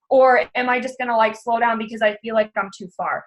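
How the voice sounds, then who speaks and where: A woman's voice: on the high side, steady tone, fairly quick, poor audio. A young woman giving an earnest motivational pep talk to her sales team, repeating her key lines for emphasis.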